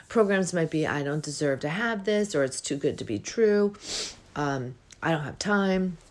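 Low-voiced woman musing on healing. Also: darkish tone. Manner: unhurried, reflective, with many ums and yawns. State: yawning. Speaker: spiritual healing coach. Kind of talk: casual spiritual talk.

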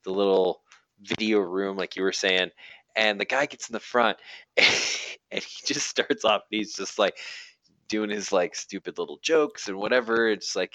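A man's voice: on the low side, measured pace, bright, forceful tone, no room sound, rough recording. A man casually retelling a funny story between friends, laughing often and acting out the people he quotes.

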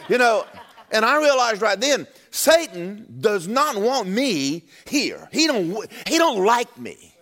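A man's voice: very animated, takes it slowly. A man preaching a sermon and telling a personal story, stumbling over and repeating words as he talks. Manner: drops low and quiet for quoted speech.

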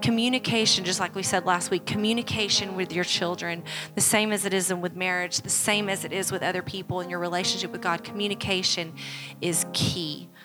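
A woman's voice: fairly low pitch, steady tone, a little fast, over music. A woman pastor preaching a sermon at a church service, making earnest, repeated appeals to the congregation. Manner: earnest, repetitive exhortation.

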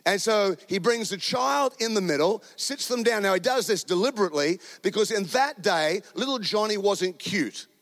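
A man's voice: high voice, lively intonation, normal speed, few pauses, a bit bright, in a large hall. A man with a New Zealand accent preaching a sermon in a church, speaking into a handheld microphone, conversational and joking. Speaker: pastor. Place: church auditorium.

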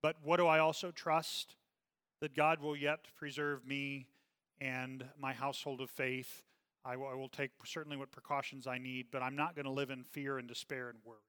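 A man's voice: medium pitch, pushed and bright, clear, resonant tone, big-room sound. A man leading a Bible study as pastor, earnest and often checking in with "okay?".

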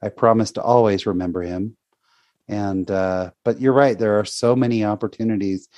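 A podcast host talks about his faith in a casual, heartfelt conversation, rambling and restarting often, close to tears. His voice is lowish and darkish, with a steady tone at normal speed. The audio is dull, with no room sound.

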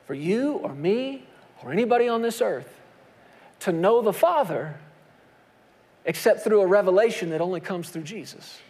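A man delivering a sermon with a notably high voice. He preaches emphatically, pausing to throw rhetorical questions at the congregation, and the sound carries a long hall reverb. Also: darkish tone. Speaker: pastor.

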